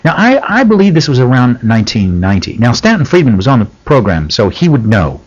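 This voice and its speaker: Husky man telling a lively story. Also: mid-range voice, fairly quick. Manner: animated storyteller, lively emphasis. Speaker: studio guest. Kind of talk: radio talk show conversation. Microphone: studio microphone. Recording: lo-fi radio broadcast.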